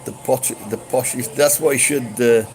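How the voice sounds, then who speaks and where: A middle-aged man from Sheffield with a softened Yorkshire accent, rambling through a late-night monologue, swearing casually and restarting his sentences. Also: medium pitch, steady tone, normal speed, poor audio. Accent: Yorkshire English, softened. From Sheffield, England. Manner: meandering, swears casually, many restarts and fillers.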